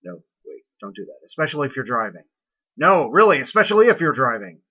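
A man's voice: medium pitch, very animated, brisk, bright, forceful tone, husky. A man hosting a story show, introducing the next story with silly asides. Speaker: podcast host introducing stories. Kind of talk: casual chat. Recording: dull lo-fi recording.

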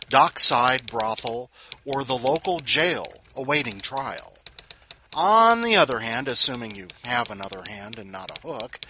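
A man hosting a podcast of short comic stories, reading them with wry, deadpan asides. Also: a little high, slight background noise. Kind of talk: scripted story reading.

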